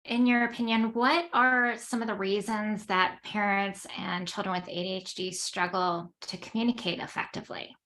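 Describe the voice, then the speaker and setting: A woman moderating a webinar, asking prepared questions in a measured, formal way. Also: medium pitch, steady tone, fairly bright tone. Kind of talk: reading interview questions.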